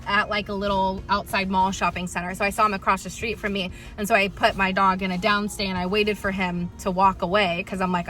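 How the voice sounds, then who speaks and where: A woman's voice: medium pitch, sharp tone. A woman dog trainer in a casual vlog, chatting and retelling stories with lots of ums.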